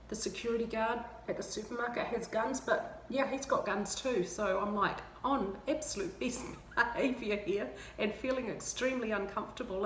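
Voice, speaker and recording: Woman, New Zealand accent, casual vlog chat, self-mocking, laughs often, roomy sound, faint background hum. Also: a little high. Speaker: vlogger. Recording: roomy with faint ambient noise.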